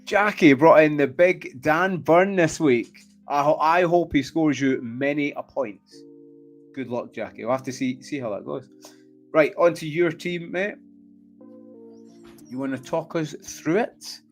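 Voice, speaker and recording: A man co-hosting a casual fantasy football podcast, full of jokey banter and quick reactions, often laughing. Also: fairly high pitch, soft background music. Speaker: podcast co-host.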